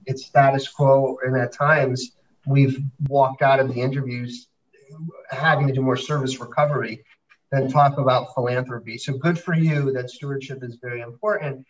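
A man's voice: mid-range voice, steady tone, normal speed, distant mic. Male host, conversational and affirming, off-mic, dull audio. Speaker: host and fundraising consultant. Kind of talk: podcast conversation.

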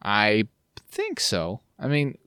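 A man co-hosting a podcast in casual chat; animated, laughs often and slips into silly voices. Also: on the low side, takes it slowly, clear, resonant tone, no room sound, clean studio sound. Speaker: podcast co-host.

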